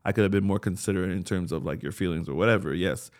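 Fast-talking low-voiced man. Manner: fast, loose, reflective talk with many fillers. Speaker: podcast co-host. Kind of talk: casual chat.

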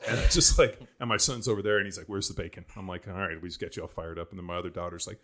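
A man's voice: low-pitched, steady tone, racing, fairly bright tone. A man in his forties chatting casually about raising his kids, rambling with lots of fillers and restarts. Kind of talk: casual chat.

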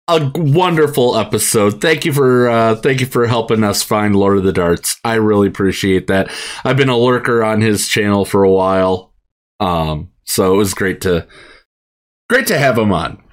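A man hosting a podcast from his home studio, chatting casually, laughing often and restarting sentences. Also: medium pitch. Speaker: podcast host. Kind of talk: casual chat.

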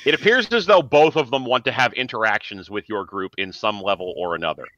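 A man's voice: fairly low pitch, a little fast, bright, forceful tone, no room sound. A man narrating a tabletop role-playing game as game master, in a casual, rambling way, on a dull lo-fi recording.

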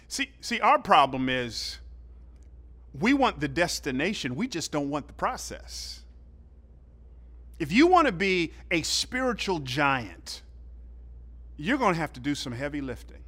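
A man from the southern United States preaching a sermon, telling stories in an animated way and swinging between loud and hushed. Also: fairly high pitch, a little slow, long pauses. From southern United States (Atlanta). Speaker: pastor.

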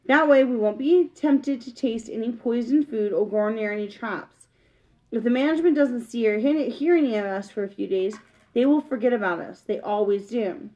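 Woman voicing young boy mouse, earnest, self-assured, storybook, slightly high voice. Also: moderate pace, a little mellow, dull audio, close to an everyday voice. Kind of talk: storybook reading.

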